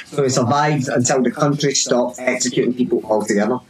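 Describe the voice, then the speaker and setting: A man's voice: mid-range voice, a little fast, a crowd in the background, rough recording. A man telling a story to friends in casual podcast chat, loose and laughing, reading bits aloud with asides. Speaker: podcast co-host.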